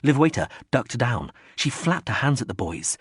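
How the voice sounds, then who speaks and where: A male audiobook narrator with a husky, dry voice reads a script at a measured pace, his pitch animated. He acts out quoted speech in raised voices, and there is no echo.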